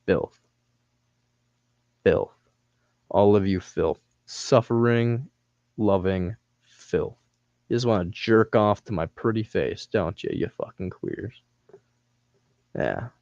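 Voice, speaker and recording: A man's voice: lowish voice, slow, gravelly, pauses often, darkish tone, no echo, lo-fi sound. A man on a livestream, ranting angrily at his viewers with taunting, profane insults. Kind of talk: angry livestream rant at chat.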